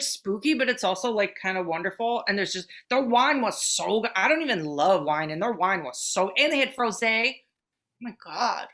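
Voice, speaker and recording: A woman co-hosting a podcast, telling stories in a loose, excited way, with plenty of swearing and "like" fillers. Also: medium pitch. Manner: swears freely, fast excited storytelling with many fillers. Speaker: podcast co-host. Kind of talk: casual chat.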